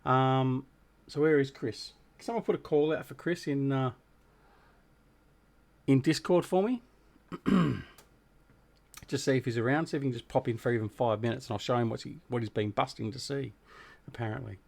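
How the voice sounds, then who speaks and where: A man's voice: mid-range voice, normal speed, vocal fry, pauses often, darkish tone. An Australian man chatting casually with viewers while hosting a gaming livestream, greeting people by name and joking about himself. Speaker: livestream host.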